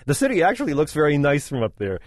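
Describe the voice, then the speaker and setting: A middle-aged man co-hosts a radio talk show in a sardonic, opinionated way. His voice sits fairly high for a man. The studio sound is very dry and close. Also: huge pitch swings, fast talker, no echo. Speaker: radio host.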